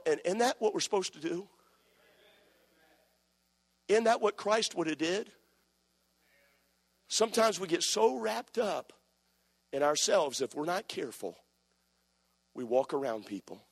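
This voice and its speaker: A man, a pastor preaching a sermon, swinging from loud passionate peaks to quiet storytelling. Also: medium pitch. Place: church sanctuary. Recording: long reverb of a church hall.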